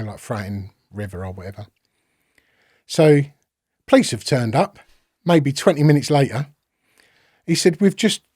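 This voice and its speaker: A middle-aged Londoner from England, guesting on a podcast, casually tells a story, swearing freely and acting out the quotes in a lively retelling. His medium-pitched voice has a breathy edge, recorded cleanly in a studio with no room sound.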